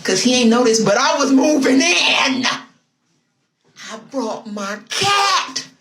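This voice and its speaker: On a social video, an American woman tells a story slowly in a high-pitched, very animated voice, gossiping and confiding as if to a friend and calling the listener "girl." The recording is echoey, from a room with loud noise.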